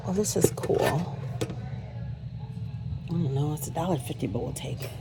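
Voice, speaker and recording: A woman's voice: low voice, normal speed, pauses often, music in the background. A woman vlogging as she browses a thrift store, telling a rambling story with many ums and restarts, filming on a handheld phone.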